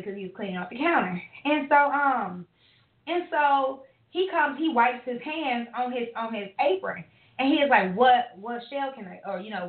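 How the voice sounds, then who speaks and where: A woman co-hosting a podcast, telling a long story in a profane, rambling, animated way with lots of fillers. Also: a little high. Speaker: podcast co-host. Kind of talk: casual ranting storytelling. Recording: echoey tinny phone-line audio.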